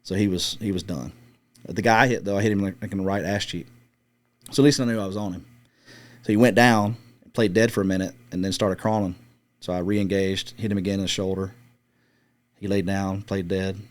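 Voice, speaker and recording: A middle-aged ex-Marine scout sniper recounts a lengthy tale as an interview guest, cursing loosely and acting out radio exchanges. He talks briskly in a low voice with fairly even intonation, pausing often.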